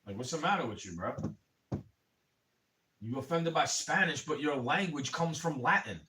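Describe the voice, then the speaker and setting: A man ranting on a livestream, rambling and swearing and calling the listener bro, getting louder in angry bursts. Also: on the high side, expressive, moderate pace, slight background noise. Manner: rambling and profane, keeps saying "bro"; angry, rising to shouting in bursts. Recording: voice a bit far from the mic.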